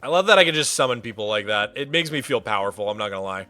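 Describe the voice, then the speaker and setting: A man's voice: on the low side, lively intonation, racing, faint music behind. A man streaming a game live, chatting casually and playfully with viewers, laughing often and greeting newcomers by name. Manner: soft baby talk to his cat. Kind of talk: casual livestream chat.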